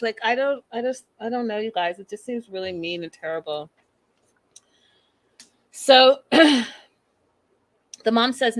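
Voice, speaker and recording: A woman's voice: a little high, expressive, a little slow, long pauses, no echo. A woman hosting a casual live recap show, chatting and reading viewer comments with exasperation. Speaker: podcast host recapping a reality show.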